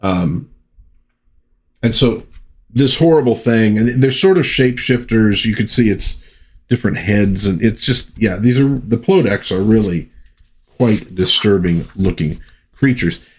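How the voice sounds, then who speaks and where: A man's voice: fairly low pitch, measured pace, darkish tone. An American man reviewing vintage comics in a chatty, rambling way, full of asides and restarts. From United States. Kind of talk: casual commentary.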